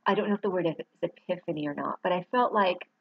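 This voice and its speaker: A middle-aged woman who writes and owns a dog talks quickly through a heartfelt, rambling vlog, showing photos to camera and getting choked up here and there. Her voice is on the low side, gravelly with a breathy edge. There's no room sound, and the audio is lo-fi.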